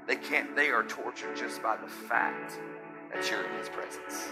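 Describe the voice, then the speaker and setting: A man preaching a sermon as pastor, swinging from hushed intensity to shouting and quizzing his congregation with call-and-response questions. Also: medium pitch, unhurried, music in the background.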